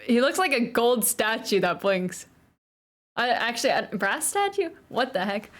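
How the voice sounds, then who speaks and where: A woman's voice: fairly high pitch, big pitch swings, measured pace, a bit bright. A woman streaming a game, chatting casually, giggling often and swearing offhandedly while she fusses about her own performance. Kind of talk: casual gaming commentary.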